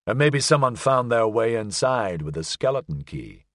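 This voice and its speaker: A man's voice: medium pitch, sing-song, moderate pace, no room sound, close to an everyday voice. A man voicing a dry, sardonic private detective. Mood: wry. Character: wry unflappable male private detective.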